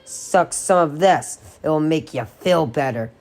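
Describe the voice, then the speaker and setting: A woman voicing a gruff middle-aged Irish policeman with a thick, rough Irish accent. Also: sits low, lively intonation, a little slow, a little mellow. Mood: gruffly kind. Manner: thick brogue, rough, offhand.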